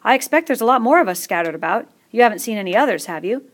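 A woman's voice: mid-range voice, lively intonation, fast, voice pushed up, lightly acted. A woman voicing an anxious, plump boy with asthma, asking eager, worried questions.

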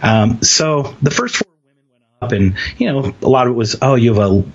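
A man from Philadelphia, an interview guest, telling a personal story in a lively way and acting out the quoted voices. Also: medium pitch, normal speed, slightly rough, lo-fi sound. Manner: animated storyteller, acts out quotes.

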